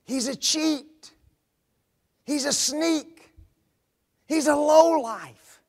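A man's voice: very high voice, extremely slow, pitched above the performer's own voice, heavily acted. A man voicing exasperated scolding parents. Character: disapproving worried parents of a daughter.

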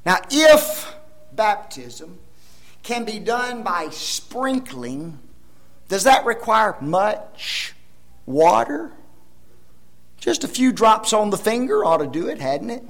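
Male preacher, very high voice, lively swinging delivery, slow deliberate pace, rhetorical questions. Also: vocal fry, rough recording. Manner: emphatic, rhetorical questions, swings from loud to soft. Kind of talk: sermon.

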